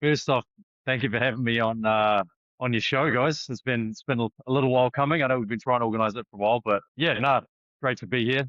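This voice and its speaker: A rugby coach in his forties with a New Zealand accent chats easily as a podcast guest in a casual interview, often restarting his sentences. He talks at a quick pace in a medium-pitched, fairly bright voice, and the recording is dry, dull and lo-fi.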